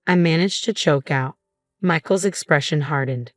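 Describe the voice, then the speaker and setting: Woman narrator, low, steady, dry read over faint music. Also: moderate pace, no echo. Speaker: story narrator. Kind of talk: scripted first-person narration.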